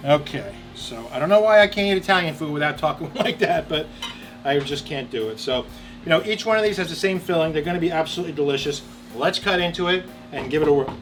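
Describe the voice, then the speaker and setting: Fairly high-voiced male cooking host at a grill, eager and chatty, faint music underneath. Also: fast. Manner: enthusiastic, chatty, talks to the camera. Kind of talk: casual cooking demonstration. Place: outdoor grill.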